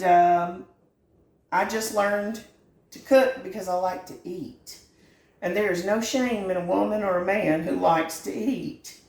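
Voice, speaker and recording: Slow-talking lady with a gravelly voice, folksy and heartfelt, cooking show host in an echoey kitchen. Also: medium pitch, a little mellow. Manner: folksy, earnest and sentimental. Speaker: home cooking channel host. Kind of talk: heartfelt direct-to-camera chat. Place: home kitchen.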